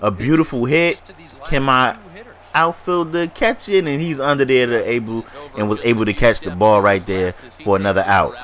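A man's voice: medium pitch, normal speed, a bit bright. A man with a stuffy nose giving casual, hyped gameplay commentary, slangy and talking straight to his viewers. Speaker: gaming YouTuber.

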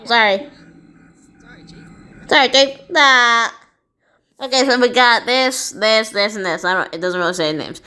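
A woman voicing SpongeBob, an excitable and goofy cartoon sea sponge, playing a video game and chattering to viewers. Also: fairly high pitch, unhurried, pauses often, clean tone. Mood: excited.

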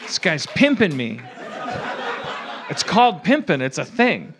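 Brief: comic host, high animated voice, unhurried, self-mocking improv with sudden yells. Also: male voice, a crowd in the background, background noise. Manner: goofy, self-mocking, bursts into shouts. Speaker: podcast host. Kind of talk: improvised comedy scene.

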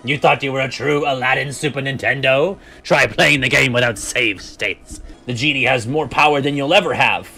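A man's voice: mid-range voice, moderate pace, vocal fry, hardly any pauses, pushed and bright, slightly rough, faint music behind, full character voice. A man voicing a gloating male sorcerer villain in a game parody, sneering and taunting.

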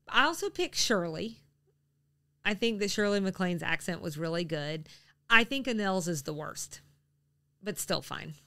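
Smooth-voiced chatty woman podcaster. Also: fairly low pitch, lively intonation, moderate pace, pauses often, pushed and bright, no room sound. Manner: chatty, apologetic, laughs often. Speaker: podcast co-host. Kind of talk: casual chat.

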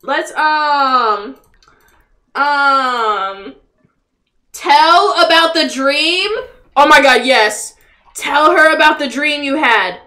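A woman's voice: high-pitched, extremely slow, pauses often, pushed and bright. A young woman giving casual, profane live commentary on a life-sim game and talking back at the characters. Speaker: livestreamer.

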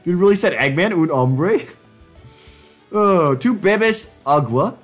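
A young man talks on a live stream in a playful, excitable way, his pitch leaping high whenever he crows about a win. He laughs at his own jokes and comments on everything as he goes. Soft music sits faintly underneath. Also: slow pace. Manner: jokey, excitable, laughing self-commentary with sudden pitch jumps. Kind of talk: casual live-stream chat while doing language drills.

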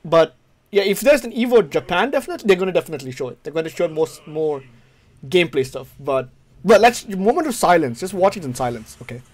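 A male streamer reacting to a game trailer at his PC, hyped and swearing, repeating words, his voice going hoarse. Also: fast. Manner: hyped, swearing, repeats words, pitch jumps when excited. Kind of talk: excited casual reaction chat. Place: home room at his PC.

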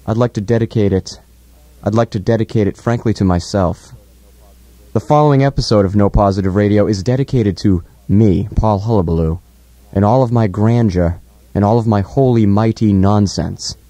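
A man's voice: on the low side, dark tone, no room sound. A young man hosting a college radio show from the studio, in irreverent casual banter. He talks in a mock-grandiose, profane way, often stammering and repeating words. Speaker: radio host. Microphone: studio mic, monitoring on headphones.

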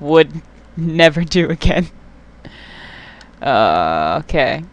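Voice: medium pitch, sing-song, extremely slow, highs cut off. A young adult gamer giving casual let's play commentary, swearing often, getting worked up and talking back to the game.

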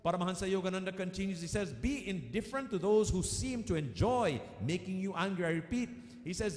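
A man's voice: high-pitched, animated, fairly quick, a little mellow. A man giving a devotional discourse, telling a scripture story to his devotees and repeating key lines for emphasis. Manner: addresses listeners as devotees. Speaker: spiritual speaker. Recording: echoey room with long reverb.

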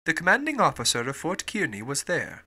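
A male audiobook narrator with a bright, clear voice pitched a little high. His reading of the classic adventure moves lively up and down. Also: a little fast. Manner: expressive storybook reading. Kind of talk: scripted narration.

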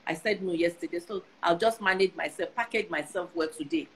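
A woman's voice: lowish voice, brisk, a bit bright, a little hiss or hum, low-quality recording. A Nigerian woman in her sixties giving earnest advice in casual conversation, often repeating herself for emphasis. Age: 60s. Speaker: guest.

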